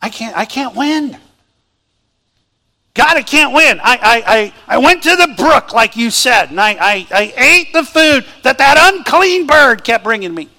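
A preacher doing an exasperated prophet, griping in a high, bright, forceful voice. He lists every grievance with rising insistence. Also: lively intonation, normal speed, vocal fry, hardly any pauses, breathy edge, exaggerated voice. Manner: complaining, insistent, raised voice. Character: exasperated prophet Elijah, indignant man.

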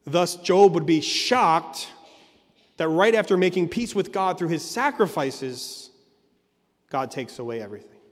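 Male pastor, mid-high voice, earnest sermon delivery, repetitive emphasis, reverberant church sound. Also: animated, a little slow.

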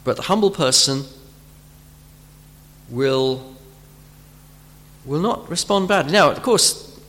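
Higher-voiced male preacher, halting delivery, acts out imagined speakers, long hall reverb. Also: lively intonation, a bit bright. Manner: halting, repeats words while searching for phrasing. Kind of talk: sermon.

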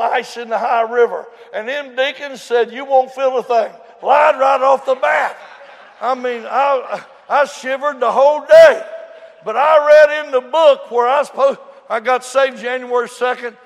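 A man, preaching a folksy storytelling sermon, swinging between shouts and low murmurs. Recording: long hall reverb.

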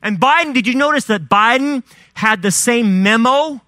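A male preacher delivers a fiery sermon in a high voice that leaps and plunges with every rhetorical question. His tone is bright and cutting, and the sound is dry and close to the mic. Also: lively intonation, normal speed, no echo. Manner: fiery rhetorical questions, rising and dropping emphasis.

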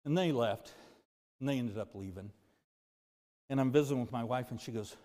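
A pastor preaching a sermon, moving from loud, emphatic lines to low, quiet confession. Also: male voice, a little fast, pauses often. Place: church sanctuary. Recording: music and long reverb of a church hall.

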